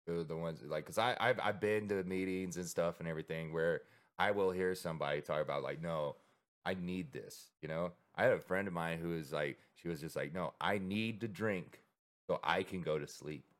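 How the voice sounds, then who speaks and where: A man's voice: low-pitched, steady tone, fairly quick. A man co-hosting a podcast, talking in a loose, rambling way with lots of swearing and acted-out quotes. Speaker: podcast co-host. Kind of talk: casual chat.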